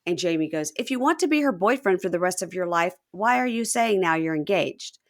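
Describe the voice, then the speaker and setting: A woman with a fairly low voice hosts a casual chat. She recaps a show with energy and jumps her pitch up to act out what people said. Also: a little fast. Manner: animated, acts out quotes with raised pitch. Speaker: podcast host.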